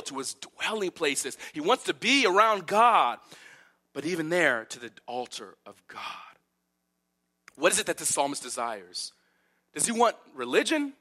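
A man, a pastor preaching a sermon and telling a personal story, swinging from loud emphatic cries to quiet, low asides. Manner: animated storyteller, loud emphatic peaks then dropping quiet.

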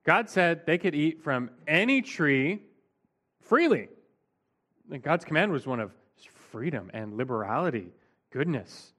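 A man's voice: fairly high pitch, big pitch swings, measured pace, fairly bright tone. A man preaching an expository Bible teaching in a conversational, emphatic way, often saying "like".

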